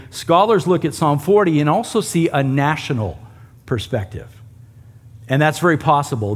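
A man preaching a sermon and teaching a Bible passage in a conversational way, with asides to the congregation. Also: fairly high pitch. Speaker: pastor.

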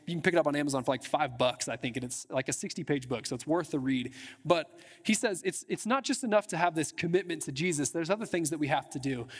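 A pastor with a high voice preaches a sermon casually and conversationally in a church sanctuary, the long reverb of the hall ringing around him. He often restarts phrases and scatters filler words as he addresses the congregation.

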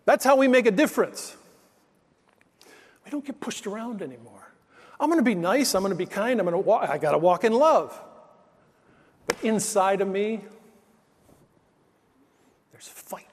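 High-voiced man preaching in a hall. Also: animated, normal speed, pauses often. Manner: storytelling, emphatic, conversational preaching. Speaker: pastor. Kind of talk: sermon.

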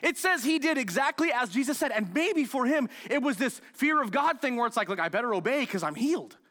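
A male pastor from the United States preaching a sermon, telling the story with animated, acted-out outbursts. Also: extremely high pitch, a little fast. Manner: animated storytelling, acts out scenes, loud excited outbursts.

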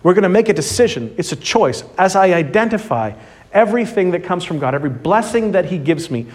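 A man's voice: sits high, big pitch swings, brisk. A man preaching a sermon in a conversational, direct way.

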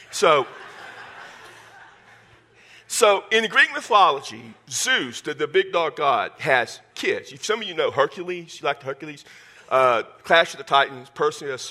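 A man preaching a sermon to his church congregation in a folksy, joking way, with animated delivery. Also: medium pitch. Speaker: pastor.

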